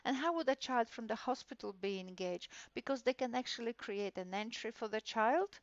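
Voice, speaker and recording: Female lecturer, higher gravelly voice, chatty podcast lecture, dry and muffled sound. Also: normal speed, no echo. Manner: chatty, acts out classroom exchanges with children. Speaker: university lecturer. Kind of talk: recorded course podcast lecture.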